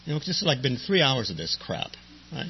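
A man's voice: medium pitch, big pitch swings, fairly quick. A middle-aged man telling a humorous personal story about his recovery, wry and self-mocking, with many "and, um" fillers. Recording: dull lo-fi recording with faint hum.

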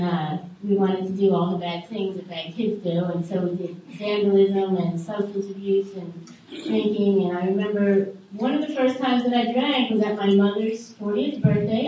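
Middle-aged woman sharing her story to a group, frank and wry, lots of pauses, faint hiss in the room. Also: mid-range voice, steady tone, dark tone, muffled recording. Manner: candid, halting, wry asides. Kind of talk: personal testimony to a live group. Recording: echoey room heard from a distance.

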